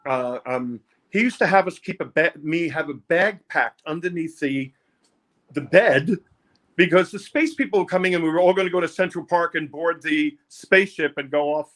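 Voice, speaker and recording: An older man, telling his life story haltingly in an interview, often repeating words. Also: a little high, a bit bright. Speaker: interview guest, music producer. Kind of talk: candid personal storytelling.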